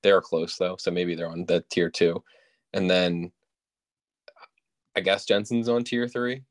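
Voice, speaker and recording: A man with a very low voice on a casual podcast, speaking in a laid-back, hesitant way. The sound is dry and close to the mic. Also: fairly even intonation, a little slow, dry recording. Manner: laid-back, hesitant, many fillers and restarts. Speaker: podcast co-host. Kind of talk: casual chat about fantasy football.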